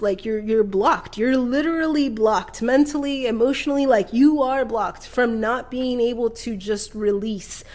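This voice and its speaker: A woman co-hosting a podcast, talking in a loose, profane, animated way and laughing often. Her voice sits a little higher than most. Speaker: podcast co-host. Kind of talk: casual podcast chat.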